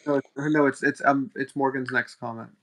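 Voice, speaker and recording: Guy friend on a stream, teasing, laughs a lot, mid-low voice. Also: steady tone, moderate pace, a bit bright, a little hiss or hum. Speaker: guest friend. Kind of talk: casual chat.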